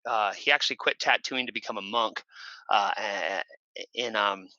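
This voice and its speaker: An Oregon man, guesting on a podcast, rambles through casual stories full of fillers and restarts, now and then bursting into shrill, shouted imitations. He talks at a moderate pace, and the recording has no echo but loses its high end.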